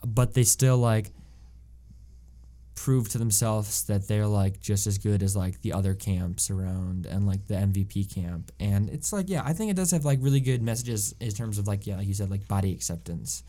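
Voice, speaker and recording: A man's voice: on the low side, animated, moderate pace, mellow. A young man co-hosting a casual movie podcast, talking loosely with lots of fillers and making wry joking asides. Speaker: podcast co-host. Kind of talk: casual movie-review chat.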